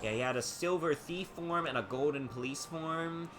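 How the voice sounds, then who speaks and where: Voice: medium pitch, normal speed, music in the background. A streamer who chats casually while playing a game, rambling through stories and laughing often.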